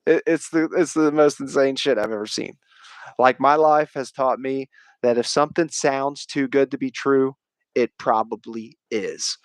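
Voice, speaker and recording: A man's voice: mid-range voice, moderate pace, no echo, clean studio sound. A man hosting a casual livestream chat, talking in a rambling, opinionated way with lots of "like" and casual swearing. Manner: rambling, profane, opinionated, frequent "like". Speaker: livestream host.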